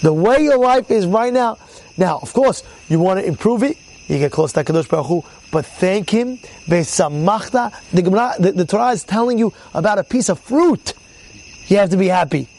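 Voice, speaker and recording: A man with a notably high voice leads an informal Torah class as a rabbi. He talks in a lively, storytelling way, repeating words for emphasis and loudly acting out the people in his stories. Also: brisk, poor audio.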